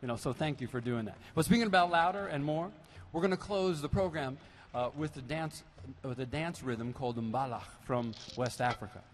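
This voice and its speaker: A percussionist with a mid-range voice talks to a concert audience between songs at a moderate pace, telling stories with animated, playful asides. He's on stage in a large basketball arena used as a concert hall, and the live recording carries long reverb and faint noise.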